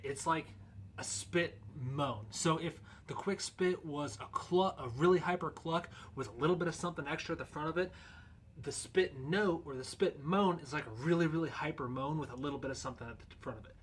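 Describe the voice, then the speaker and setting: A man teaching goose calling in a relaxed, folksy way, as if talking to friends. His voice sits a bit high for a man, with a light hiss of background noise. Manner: loose, conversational, folksy. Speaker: goose-call instructor. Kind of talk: casual instructional video.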